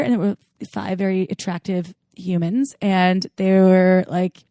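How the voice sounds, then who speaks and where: A woman co-hosting a podcast, talking in a relaxed, casual way. She tells stories animatedly and acts out the voices of the people in them. Her voice sits in a middle register and is recorded close and dry. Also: medium pitch, fast talker, vocal fry, hardly any pauses, no room sound. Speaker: podcast co-host. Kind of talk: casual chat.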